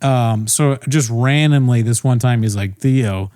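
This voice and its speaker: A man's voice: medium pitch, a little slow, darkish tone, no echo, studio quality. A man co-hosting a comedy podcast, ranting in casual profane chat with frequent restarts. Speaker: podcast co-host.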